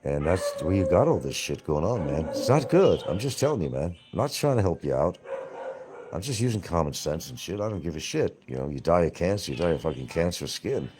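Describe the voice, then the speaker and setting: A man's voice: sits low, very animated, brisk, mellow, soft background music. A man hosting his own livestream show, ranting at absent critics in a mocking, confrontational way, repeating his points and swearing freely.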